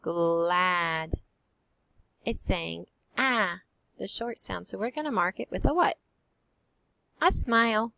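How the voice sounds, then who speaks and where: A woman's voice: mid-range voice, lively intonation, a little slow, vocal fry, pushed and bright, no echo. A woman teacher leading a phonics lesson for young children, drawing out each sound in a sing-song way.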